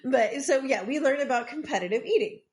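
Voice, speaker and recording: Woman podcast co-host, mid-pitched everyday voice, jokey and chatty. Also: lively intonation, fairly quick, darkish tone. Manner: chatty, jokey, talks over her co-host. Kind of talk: casual chat recapping a TV episode.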